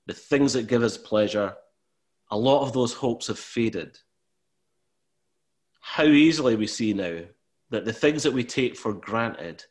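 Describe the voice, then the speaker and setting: A man preaching a sermon in an earnest way, rising to emphatic, louder bursts when he gives voice to God. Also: mid-range voice. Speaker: pastor.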